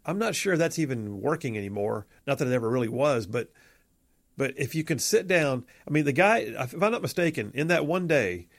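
A man's voice: medium pitch, expressive, fairly quick, vocal fry, no echo. A man hosting a casual political talk show, chatty and opinionated with joking asides.

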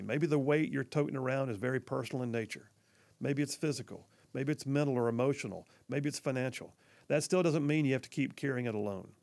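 A male talk show host telling a story, with a gravelly, fry-tinged voice at a middle pitch. His delivery is folksy and earnest, and he speaks straight to his listeners. The recording is close and dry, with no room sound. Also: a little mellow, dry recording. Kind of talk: storytelling monologue.

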